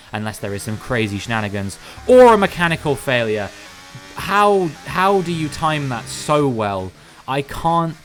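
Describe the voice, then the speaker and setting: A man narrating and commenting over his own racing gameplay, steady play-by-play that breaks into exasperated, animated outbursts. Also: medium pitch, a little hiss or hum. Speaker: gaming commentator.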